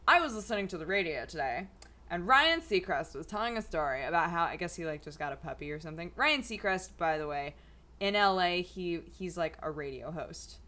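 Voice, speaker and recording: Young woman rambling over coffee, kinda low voice, lots of "like". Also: animated, normal speed, sharp tone. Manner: chatty, rambling, many "like" fillers. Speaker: vlogger. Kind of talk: casual chat.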